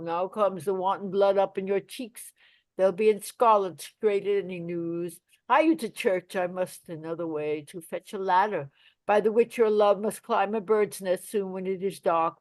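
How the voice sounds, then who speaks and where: A woman's voice: mid-range voice, a little mellow, no room sound, natural voice. Woman reading a fussy old chattering nurse. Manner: rambling, theatrical groans and big swings in volume. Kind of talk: Shakespeare play reading.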